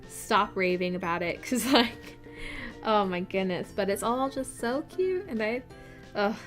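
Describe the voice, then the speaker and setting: A woman's voice: a little high, fairly bright tone. Giggly young woman gushing casually. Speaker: game builder vlogger. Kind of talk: casual chat over a build. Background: faint background music.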